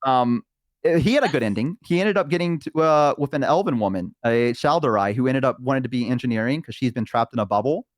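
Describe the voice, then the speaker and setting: A man's voice: medium pitch, lively intonation, fast, no room sound, clean studio sound. Rambling young man telling a story. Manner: rambling storyteller with many fillers, acts out voices. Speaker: guest on a stream. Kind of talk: casual chat, retelling a roleplay character.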